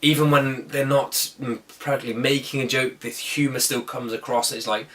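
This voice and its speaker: A man talks through a movie review in an excited, rambling way, backing up to fix his words as he goes. His pitch sits in an ordinary middle range. He sounds a little way off from the microphone. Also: recorded from a distance. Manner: enthusiastic, rambling, with quick self-corrections. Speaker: film reviewer. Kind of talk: casual spoken movie review.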